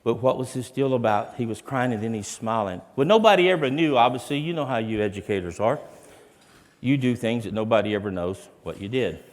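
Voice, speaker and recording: At an educators' event in a large hall, a man delivers a heartfelt, dramatic motivational testimony. His voice is lowish and a little fast, and the room adds a long reverb.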